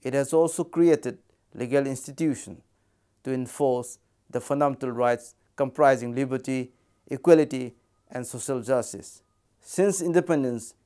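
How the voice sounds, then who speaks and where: A man with an Indian English accent giving a measured academic lecture, reading from prepared text. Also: mid-range voice, warm tone, clear, resonant tone.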